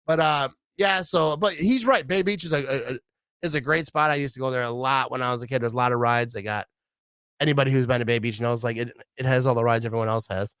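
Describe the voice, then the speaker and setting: A man's voice: medium pitch, fast, clean tone, dry recording, studio quality. A middle-aged man from Wisconsin rambling casually in a vlog, acting out what others said. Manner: rambling, animated, acts out quoted voices. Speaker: vlogger.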